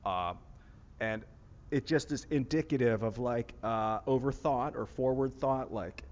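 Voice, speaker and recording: A man's voice: medium pitch, unhurried, a little mellow, big-room sound, lo-fi sound. A man with a Northeast Ohio accent, vlogging in a musing, meandering chat full of fillers and restarts, outdoors on a rooftop. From Northeast Ohio, USA. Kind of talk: casual rambling monologue. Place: outdoor rooftop among plants.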